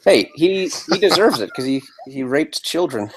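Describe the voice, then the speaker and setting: A man's voice: a little high, lively intonation, normal speed. A man co-hosting a live boxing podcast, chatting casually with blunt, crude, provocative jokes. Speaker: podcast co-host.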